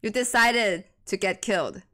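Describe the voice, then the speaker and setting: A woman from Taiwan with a Taiwanese accent, a native Mandarin speaker, doing chatty, excitable live esports commentary in English. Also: mid-range voice. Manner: excitable, chatty, quick to laugh and gasp. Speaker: esports caster.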